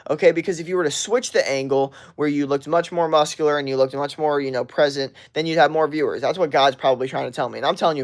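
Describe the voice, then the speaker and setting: A man's voice: a little high, steady tone, fast. A young man streaming from his bedroom, venting in a profane, frustrated casual rant. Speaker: live streamer.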